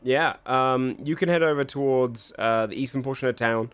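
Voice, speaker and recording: A man's voice: medium pitch, moderate pace, a bit bright, clean tone, no room sound. A man narrating as game master, rambling with lots of filler sounds as he describes scenes. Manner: rambling, many fillers and restarts.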